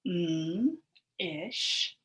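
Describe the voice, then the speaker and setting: A woman's voice: lowish voice, expressive, very slow, fairly bright tone, breathy edge, rough recording. A woman teacher leading a phonics lesson for young children, sounding out word parts, blending them and praising the class in a sing-song way. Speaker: elementary school teacher.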